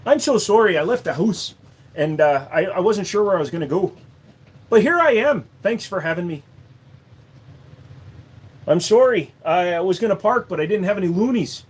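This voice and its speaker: A man's voice: high voice, animated, moderate pace, pauses often, husky. A man voicing an overly apologetic, rambling Canadian man with a put-on Canadian accent. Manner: overly apologetic, sing-song.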